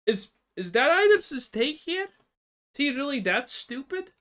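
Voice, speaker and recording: A man rants through a reaction video in a high, swooping voice. He sounds bright and edgy, mocking and sarcastic, and stumbles over his words as he builds up steam. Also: sing-song, measured pace. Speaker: reaction commentator.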